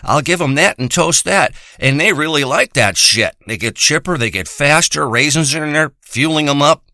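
A man's voice: fairly high pitch, lively intonation, normal speed, pushed and bright, dry recording. A man delivering a profane, rambling and boastful comic monologue.

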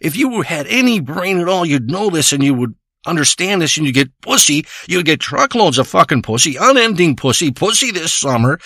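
A man's voice: a little high, sing-song, moderate pace, hardly any pauses, bright, forceful tone, no room sound, studio quality. A man delivering a crude, rambling comic monologue, ranting and swearing as he tells a story.

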